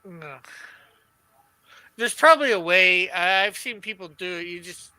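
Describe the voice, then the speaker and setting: A man co-hosting a live stream, talking haltingly in casual chat over a video call. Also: high voice, pushed and bright, smooth, no echo, low-quality recording. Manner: halting, restarts often.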